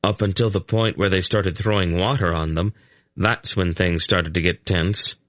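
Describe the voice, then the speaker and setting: A man's voice: sits low, steady tone, moderate pace, a bit bright, no echo. A man voicing a sly, urbane male spy and merchant with a dry, unflustered manner. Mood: smug.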